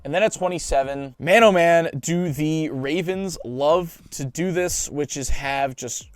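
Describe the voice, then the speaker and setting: A young man hosting a sports show, giving chatty, animated mock draft commentary with joking asides. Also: a little high, unhurried, dry recording.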